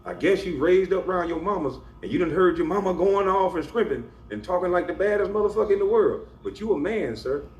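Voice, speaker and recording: Brisk and barely pausing, a man with a high-pitched, animated voice scolds his audience in a ranting YouTube monologue, stressing each point hard. The audio has its highs cut off and comes from an echoey room with a faint background hum.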